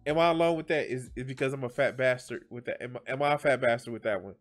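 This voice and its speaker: A man's voice: mid-range voice, fast, faint music behind. A man reacting to a video as a streamer, rambling and swearing with lots of restarts and jokes. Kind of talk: reaction commentary.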